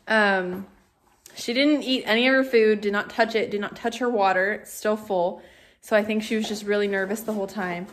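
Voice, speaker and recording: A woman's voice: mid-range voice, steady tone, normal speed. Young woman, vlogger, anxious casual chat, handheld camera, faint background noise. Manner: chatty and anxious, many fillers like "um" and "like". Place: home and car.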